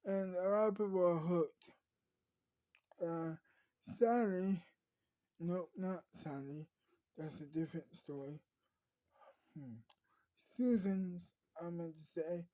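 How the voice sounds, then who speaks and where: A woman's voice: fairly low pitch, mellow, no room sound, rough recording. A woman telling an improvised story in a rambling way, often restarting and correcting herself.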